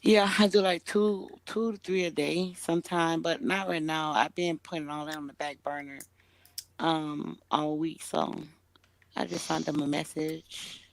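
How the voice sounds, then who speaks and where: A woman who works as a relationship consultant, explaining her work in a calm, measured way. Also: low voice, vocal fry, no echo. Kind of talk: casual chat.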